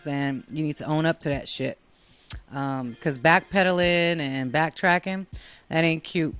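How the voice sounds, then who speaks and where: A woman hosting a show, giving a blunt, sassy and profane casual monologue, animated and putting on voices when she quotes people. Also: fairly low pitch. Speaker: show host.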